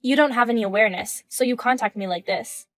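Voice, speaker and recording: A woman's voice: fairly high pitch, fast talker, a bit bright, no echo, natural voice. A woman voicing a firm, indignant wife. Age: 30s. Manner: firm, questioning, cold. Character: composed wife in her mid-thirties, indignant. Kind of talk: reading a text-message story.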